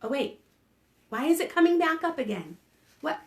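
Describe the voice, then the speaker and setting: A woman children's librarian leading a preschool storytime, animated and playful, gasping and chanting sing-song rhymes for small children. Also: high voice, moderate pace.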